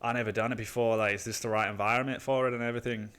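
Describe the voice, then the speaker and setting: A man's voice: medium pitch, steady tone, racing, fairly bright tone, smooth, close to an everyday voice. A man doing a nervous young British friend in a loose British accent. He hesitates and keeps tagging on "mate", sounding unsure of himself. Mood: hesitant. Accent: British, loosely imitated.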